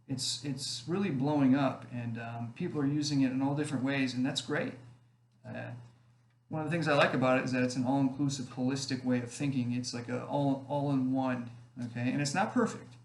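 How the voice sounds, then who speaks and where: Rambling man in an echoey room. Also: medium pitch. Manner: rambling, often adds "okay?". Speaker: online group admin. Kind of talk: casual rambling talk to camera. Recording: echoey room, faint background noise.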